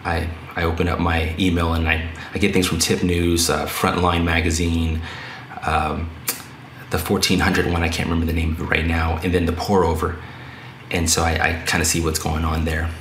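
A man's voice: deep voice, monotone, normal speed, a bit bright. A man hosting a podcast, reading news articles aloud and commenting on them in a conversational way. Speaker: podcast host. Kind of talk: casual commentary. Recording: echoey room, faint noise.

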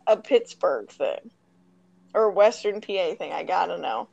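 A woman's voice: lowish voice, unhurried, gravelly, muffled recording. A woman from the Philadelphia area, co-hosting a podcast in casual, filler-heavy chat. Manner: lively, filler-heavy talk with lots of "like". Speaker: podcast co-host.

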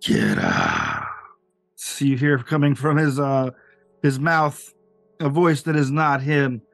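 A man's voice: a little high, level tone, unhurried, no room sound, faint music behind. Man narrating a tabletop game. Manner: hesitant, many fillers. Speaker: game master.

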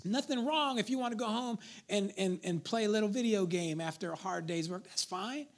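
High-voiced pastor preaching playfully. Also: male voice, fairly quick. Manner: conversational, playful preaching with call-outs to the congregation. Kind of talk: sermon.

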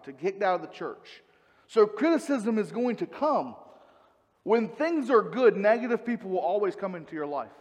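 Man, preacher, sermon, earnest, conversational, high voice, long hall reverb. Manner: earnest, conversational, asks the congregation questions.

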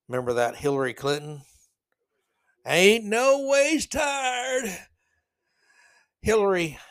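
A man rants on his own podcast, blunt and sarcastic. His voice sits at an ordinary middle pitch, and the recording is dry and close with no room sound. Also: dry recording. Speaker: podcast host. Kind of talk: solo opinion podcast rant.

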